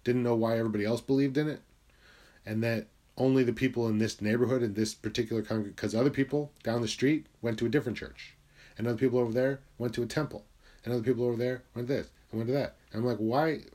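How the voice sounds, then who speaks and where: A man's voice: steady tone, fast talker. Blunt, confessional man from Connecticut. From Connecticut, USA. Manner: blunt and confessional, swears freely, drops into quiet low asides. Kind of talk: candid personal monologue.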